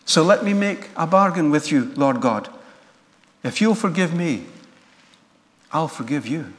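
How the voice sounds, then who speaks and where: A man's voice: fairly high pitch, animated, a little slow. A man voicing a poor old village tailor who pleads indignantly with God, in a long church reverb.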